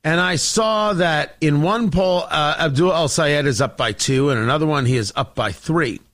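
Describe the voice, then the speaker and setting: A man's voice: a little high, normal speed, fairly bright tone. A man hosting a political commentary show, delivering an opinionated monologue with sarcasm and theatrical asides to his audience.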